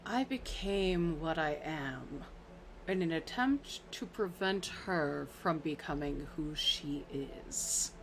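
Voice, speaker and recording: A woman game master voicing a solemn goddess who speaks slowly and gravely. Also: low voice, expressive, a little hiss or hum, exaggerated voice. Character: the Raven Queen, solemn goddess.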